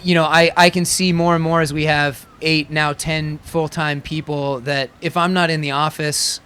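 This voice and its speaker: A man's voice: fairly high pitch, flat delivery, normal speed, fairly bright tone, smooth. A man in his thirties, a professional athlete being interviewed, talking easygoing with lots of fillers. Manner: easygoing, frequent fillers and laughs. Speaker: pro triathlete guest. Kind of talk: casual interview.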